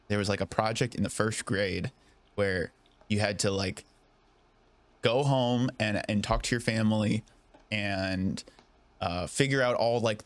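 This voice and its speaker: A man talking as a guest in a casual chat, hesitant and halting, often restarting his sentences. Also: on the low side, no room sound.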